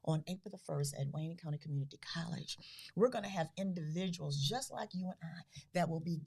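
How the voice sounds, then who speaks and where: A middle-aged woman who founded a grief foundation, speaking earnestly as a podcast guest, with soft, breathy trailing phrases. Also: fairly low pitch, brisk. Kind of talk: podcast interview.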